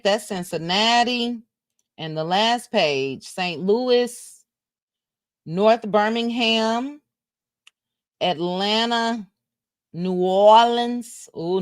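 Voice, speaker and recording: A woman chatting on a livestream in an unhurried, laid-back way, talking straight to her viewers as she reads things aloud. Her voice sits in a middle range and sounds close and dry. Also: mid-range voice, a bit bright, no echo. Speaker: livestream host. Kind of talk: casual livestream chat.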